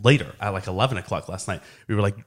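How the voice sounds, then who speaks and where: A young man with a lowish voice trades blunt, teasing remarks on a family podcast. He talks loosely and takes things literally. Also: rapid-fire. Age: young adult. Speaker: podcast co-host, son. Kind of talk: casual family podcast chat.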